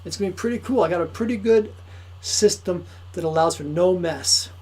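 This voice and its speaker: Husky, high-voiced pitch man. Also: fairly quick, poor audio. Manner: excitable, repetitive, preachy. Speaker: course promoter. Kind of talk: motivational sales pitch to camera.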